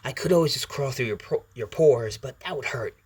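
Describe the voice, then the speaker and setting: A man's voice: mid-range voice, a little fast, a little mellow, breathy edge. A man doing a snarky alien symbiote, Venom. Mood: mocking.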